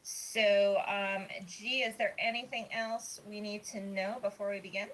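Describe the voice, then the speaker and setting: A woman's voice: mid-range voice, steady tone, unhurried, fairly bright tone, low-quality recording. A woman hosting a live script reading over a video call, chatty and upbeat, with plenty of fillers. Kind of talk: hosting a live table read.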